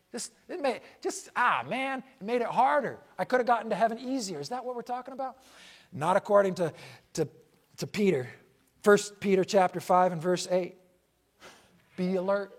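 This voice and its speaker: A male pastor preaching a sermon, emphatic and repetitive, asking rhetorical questions and swinging from loud declarations to hushed asides. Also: sits high.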